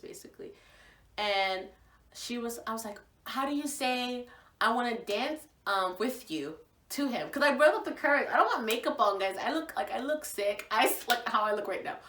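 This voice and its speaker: A young woman from Virginia, casually telling a story to the camera in an animated, gushing way, acting out what people said. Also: mid-range voice. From Virginia, USA. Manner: animated, gushing, acts out quotes. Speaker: vlogger. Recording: echoey room, voice from far off.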